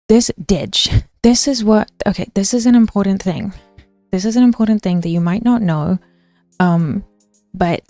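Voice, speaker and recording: Slow, mellow-voiced woman streamer rambling. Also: mid-range voice, dry recording. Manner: rambling, many fillers and restarts, answers chat. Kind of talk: casual linguistics rant to chat.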